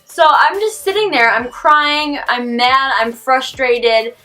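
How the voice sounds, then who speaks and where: Teen girl vlogging a storytime, high bright voice, says like a lot, faint music under it. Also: slow pace, hardly any pauses. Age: teens. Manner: animated, rambling, heavy use of "like". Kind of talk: casual storytime vlog.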